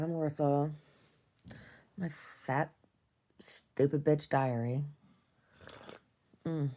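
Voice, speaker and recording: A woman's voice: deep voice, creaky, warm tone. A woman rambling through a casual, self-deprecating video diary at home. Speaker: video diarist.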